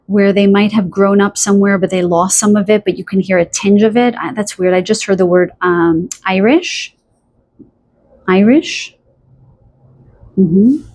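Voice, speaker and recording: A woman giving a channeled pick-a-card tarot reading in a chatty, spontaneous way, often pausing to search for words. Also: medium pitch, a little mellow. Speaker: tarot reader.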